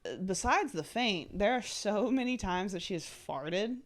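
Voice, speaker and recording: A woman's voice: mid-range voice, lively intonation, a little slow. A young woman hosting a casual podcast chat with friends, playful and teasing, laughing often. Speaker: podcast host.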